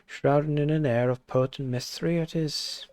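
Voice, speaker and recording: A man's voice: a little high, fairly even intonation, normal speed, darkish tone, smooth, no echo, pitched above the performer's own voice, natural voice. A man voicing a chatty fairy sidekick in a put-on regional accent with chirpy slang. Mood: impressed.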